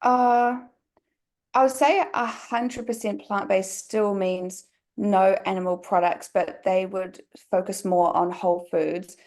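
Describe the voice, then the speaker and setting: A woman's voice: mid-range voice, steady tone, takes it slowly, a little mellow. Chatty New Zealand woman. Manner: chatty, many "like" fillers. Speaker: guest. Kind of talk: casual podcast conversation.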